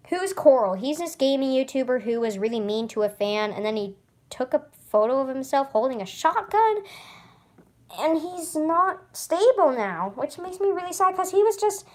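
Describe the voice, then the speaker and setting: A woman's voice: high voice, big pitch swings, measured pace. Chatty woman vlogger who stutters. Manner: stutters and restarts often; chatty, rambling, with frequent laughs. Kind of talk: casual chat to camera.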